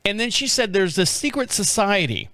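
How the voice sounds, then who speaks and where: A man's voice: high-pitched, animated, moderate pace, pushed and bright, no echo. A man hosting a casual radio podcast from a studio, telling rambling stories and chuckling often. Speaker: podcast host.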